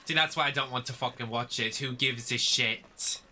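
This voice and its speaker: Male streamer, casual gossipy gameplay commentary, sharp bright voice, light background noise. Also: medium pitch, moderate pace. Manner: gossipy, chatty, swears freely. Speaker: gaming streamer.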